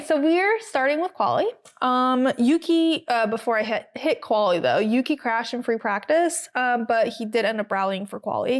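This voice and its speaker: An American woman hosting a podcast, recapping in a chatty, casual way with many fillers and wry asides. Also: fairly high pitch. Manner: chatty, lots of ums and likes, wry asides. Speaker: podcast host. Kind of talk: casual solo recap chat.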